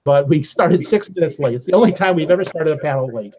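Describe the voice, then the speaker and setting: A man's voice: fairly high pitch, fast, background noise. An older man with a slightly raised voice tells a long anecdote as a podcast guest, laughing here and there. The sound is a bit dull and lo-fi. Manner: animated anecdotal telling with laughs. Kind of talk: casual storytelling.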